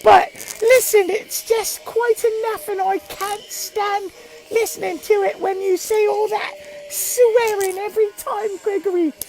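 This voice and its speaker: A man voicing his stern older mother, who nags her grown son in a slow, shrill way. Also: fairly even intonation, a little mellow, poor audio. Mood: scolding.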